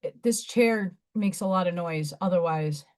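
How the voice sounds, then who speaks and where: A woman's voice: lowish voice, unhurried, darkish tone. A woman hosting a casual craft livestream from her home, chatty, laughing often and cooing baby talk at her cat. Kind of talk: casual live-stream chat.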